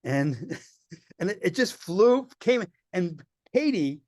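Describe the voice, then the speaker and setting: A man telling lively travel stories as a podcast guest, acting out the people he quotes. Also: high-pitched, takes it slowly, no echo, studio quality. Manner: animated storyteller acting out quoted voices. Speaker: filmmaker guest. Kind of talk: storytelling in a podcast interview.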